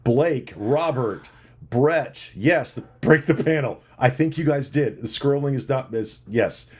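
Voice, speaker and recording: A man hosting a livestream, rapidly reading out supporter names and thanking them in a casual, jokey way. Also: medium pitch, a little mellow, husky. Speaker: livestream host.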